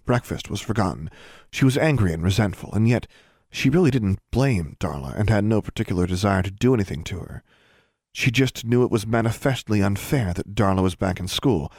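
Gravelly low-voiced male narrator. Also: dry recording, clean studio sound. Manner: steady, measured reading with gravelly low tone. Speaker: audiobook narrator. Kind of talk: audiobook narration.

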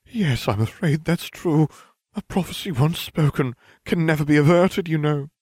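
Needs: a man playing a dithering woman fortune teller, high, slow and doom-laden. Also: a little mellow, husky, no echo. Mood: mournful. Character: shrill dithering female seer teacher.

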